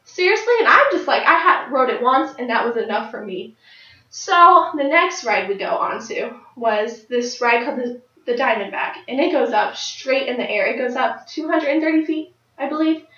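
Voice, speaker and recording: Young woman of nineteen, fairly high voice, giving a personal story speech, recorded from afar with a muffled sound. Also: moderate pace. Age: late teens. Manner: lively storytelling with high excited jumps. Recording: dull, roomy sound from a distant mic.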